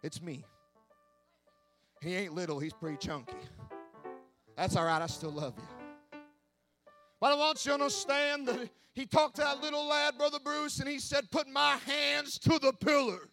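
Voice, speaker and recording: High-pitched man preaching in sing-song shouts. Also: moderate pace, creaky. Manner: swings between hushed asides and shouted, sing-song preaching cadence. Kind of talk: sermon. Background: faint music from an accompanist.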